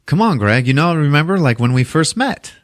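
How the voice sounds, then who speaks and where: A man doing an impression of an eccentric, needy middle-aged filmmaker, raising his voice and pitch and talking insistently. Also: sing-song, a little fast, dry recording, clean studio sound. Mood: coaxing. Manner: higher and louder than his own voice, wheedling, insistent.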